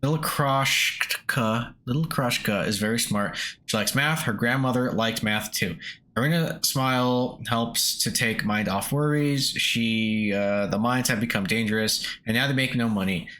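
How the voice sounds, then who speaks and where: A man's voice: medium pitch, unhurried, sharp tone. A man voicing an old male miner reading his journal aloud in broken English with a Russian accent. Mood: wistful.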